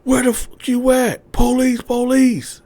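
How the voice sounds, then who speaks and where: A man voicing aggressive police officers who bark harsh, loud commands. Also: very high-pitched, level tone, slow pace, pitched above the performer's own voice, full character voice.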